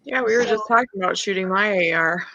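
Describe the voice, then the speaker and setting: A woman's voice: medium pitch, fast, sharp tone, dry recording, lo-fi sound. A woman in a casual chat, talkative and telling stories with little quoted voices.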